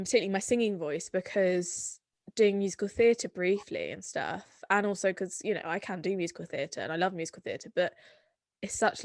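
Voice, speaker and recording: A woman's voice: medium pitch, no room sound, studio quality. A woman in her twenties with a Somerset accent, chatting in a rambling, filler-heavy way as a guest in conversation. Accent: Somerset English. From Somerset, England. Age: 20s. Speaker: guest, singer-songwriter. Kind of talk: casual conversation.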